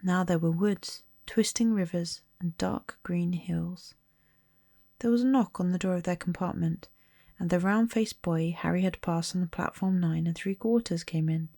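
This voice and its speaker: A woman reading a storybook aloud in a soft, slow ASMR manner, partly whispered. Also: fairly low pitch, steady tone, no room sound. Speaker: storybook reader.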